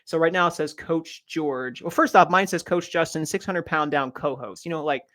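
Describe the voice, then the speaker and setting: A man's voice: fairly high pitch, normal speed, fairly bright tone. A man co-hosting a live podcast, chatting casually in a playful, teasing way and laughing often. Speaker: podcast co-host.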